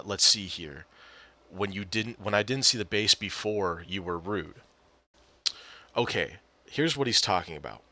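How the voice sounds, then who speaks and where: A man's voice: fairly low pitch, pushed and bright. A man telling a gaming story in a casual, exasperated rant, often swearing and replaying what others said. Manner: exasperated, profane, retells quotes.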